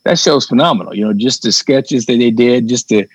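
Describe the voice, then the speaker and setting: A comedian in casual chat, telling stories in a lively way, swearing casually and acting out quotes. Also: male voice, mid-range voice, a little fast, slightly rough, dry recording, poor audio. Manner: animated storyteller, swears casually, acts out quotes.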